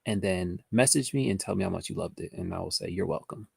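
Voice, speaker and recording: A man's voice: low voice, fast talker, creaky, breathy edge, no echo. A man hosting a live trading lesson. He chats casually with viewers and reads their chat comments aloud. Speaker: trading educator hosting a livestream. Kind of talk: casual livestream teaching, answering chat.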